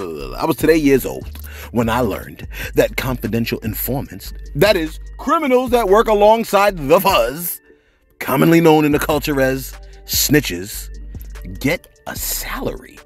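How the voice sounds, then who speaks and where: Animated man hosting celebrity commentary. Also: measured pace, faint music behind. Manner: animated, exclaiming, laughing, swings from low mumbles to high exclamations; fillers and repeated phrases like 'you know what I mean' and 'man'. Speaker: celebrity news channel host. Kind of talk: casual commentary reading viewer shout-outs.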